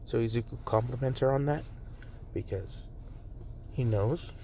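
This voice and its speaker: A young man tells a fan story off the cuff, rambling along with constant fillers and the occasional curse. His voice sits at an ordinary middle pitch and stays loose and unscripted. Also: measured pace, mellow, slight background noise. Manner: rambling, filler-heavy, profane. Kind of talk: casual spoken fan story.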